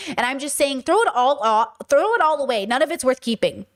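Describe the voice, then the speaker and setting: Woman, host, casual commentary stream, blunt, emphatic, repetitive, slightly high voice. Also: lively intonation, brisk, few pauses. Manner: blunt, emphatic, repeats her points.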